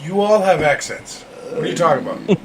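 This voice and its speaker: A woman's voice: lowish voice, animated, moderate pace, a little hiss or hum. A woman co-hosting a casual podcast, blunt and profane in her banter. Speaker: podcast co-host.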